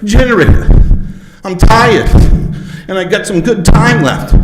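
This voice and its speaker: Guy pleading at a council meeting, high-ish voice, real emotional, echoey chamber. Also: a little hiss or hum. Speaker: public commenter. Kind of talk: emotional public comment. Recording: echoey hall.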